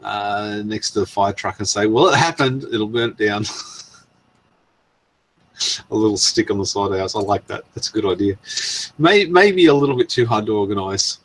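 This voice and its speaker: A man's voice: on the low side, moderate pace, long pauses, a little hiss or hum. A man hosting a casual live stream, rambling and chuckling as he goes through viewer comments. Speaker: channel host.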